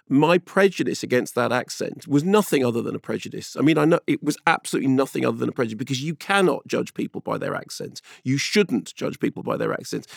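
A middle-aged man from England in casual chat, telling stories in an animated, emphatic, loud way. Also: medium pitch, vocal fry, dry recording, studio quality. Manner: animated, emphatic storyteller who talks loudly.

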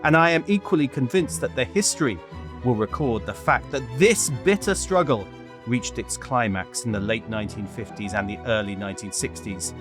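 A man putting on a Boston accent to play a middle-aged American president giving a rousing, measured speech. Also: medium pitch, over music, close to an everyday voice. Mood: resolute. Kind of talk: impression of a political speech.

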